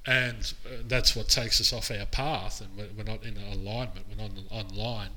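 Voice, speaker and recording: Male podcast co-host, very bright tone, candid and self-reflective. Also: on the low side, steady tone, normal speed, rough recording. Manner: reflective, open, self-searching. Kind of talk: casual chat.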